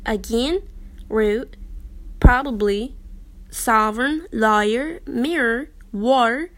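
A woman's voice: on the high side, slow pace, rough recording. A woman reading a word list in a put-on, stereotypical Southern US accent.

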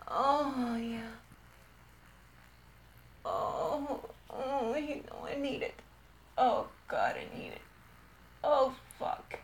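Breathy high-voiced woman, slow and roomy. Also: big pitch swings, slight background noise. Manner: breathy, moaning, drifting into whispers. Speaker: erotic audio performer. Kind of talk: erotic audio monologue. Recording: echoey room.

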